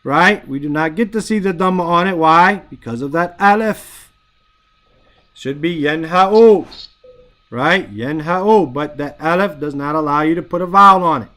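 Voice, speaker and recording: A man teaching a grammar lesson in a fairly high voice. He explains step by step and keeps checking that his students follow. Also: moderate pace, hardly any pauses, sharp tone. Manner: explains patiently, checks in with "right?" often.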